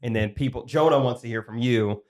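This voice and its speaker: A man's voice: mid-range voice, brisk, a little mellow. A young man co-hosting a podcast, prompting guests with loose questions in casual chat. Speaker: podcast co-host.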